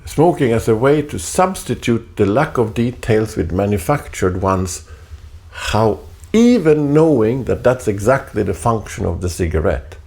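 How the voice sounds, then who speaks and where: Man, low, creaky, very slow, halting and reflective, home recording. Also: lively intonation. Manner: deliberate, halting, repeats phrases, soft laughs. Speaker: artist performing a spoken text. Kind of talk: slow reflective spoken essay.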